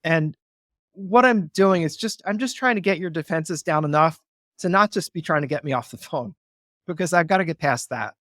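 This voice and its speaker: Persuasive man with a slightly high voice. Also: normal speed, fairly bright tone, no echo, clean studio sound. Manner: earnest, persuasive, acts out phone calls. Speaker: guest, real estate investor. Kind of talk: interview, conversational explanation.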